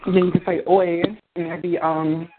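A woman's voice: fairly low pitch, little pitch movement, a little fast. A woman chatting casually and bluntly over the phone, swearing freely and laughing easily. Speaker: phone chat line caller. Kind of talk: casual chat. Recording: noisy tinny phone line.

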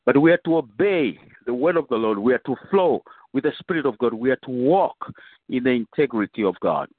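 A man's voice: medium pitch, lively intonation, brisk, slightly rough, no echo. A man preaching a conversational sermon, often asking "you know" and repeating phrases for emphasis. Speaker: bishop preaching. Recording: tinny phone line, dry.

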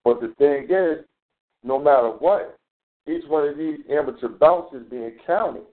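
A man's voice: fairly high pitch, unhurried. A man hosting a casual live talk show, ranting in a heated, profane, rambling way. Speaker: show host. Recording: tinny phone-quality audio.

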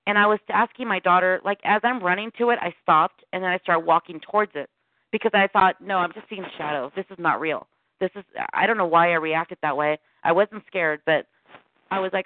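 A middle-aged woman calls in as a guest and tells her story in a lively way, voicing the people in it. The sound is thin and phone-like. The recording is dry and close, with no room sound. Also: fairly low pitch, fast talker, no echo. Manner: animated storytelling with quoted dialogue. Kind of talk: recounting a personal encounter. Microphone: phone call. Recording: tinny phone line.

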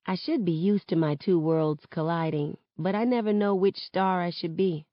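Low-voiced woman reading a novel. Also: moderate pace, dry recording, highs cut off. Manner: steady first-person narration. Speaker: reader.

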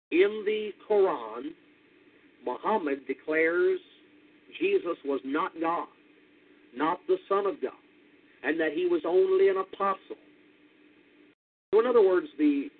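An American man preaching a radio sermon, deliberate and methodical, spelling out words and rising with emphasis on key points. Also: mid-range voice, husky. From United States. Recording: tinny lo-fi radio broadcast.

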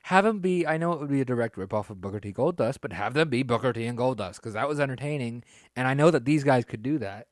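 A man co-hosting a casual wrestling podcast, animated and laughing, drawing words out for emphasis. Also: medium pitch, fast, no room sound, studio quality. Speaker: podcast co-host.

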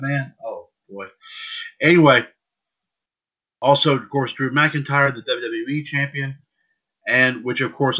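A man's voice: medium pitch, bright, forceful tone. A man hosting a casual wrestling news podcast, rambling and repeating himself. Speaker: podcast host. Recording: dull lo-fi audio.

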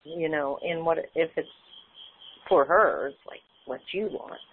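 A woman's voice: sits low, unhurried, slight background noise. A woman speaks on a group call about changes in her life, heartfelt and a little rambling. She acts out the conversations she recounts. Her voice comes through a narrow, tinny phone connection. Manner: emotional, repeats phrases, acts out quoted dialogue. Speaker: community call participant. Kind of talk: personal sharing on a group call.

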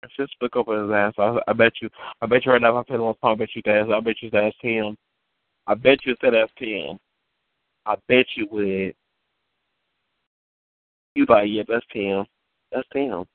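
A man's voice: fairly low pitch, steady tone, normal speed, long pauses, no room sound. A man on a community call telling a long rambling story in casual, profane slang, repeating himself as he goes. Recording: tinny phone-like line, dry.

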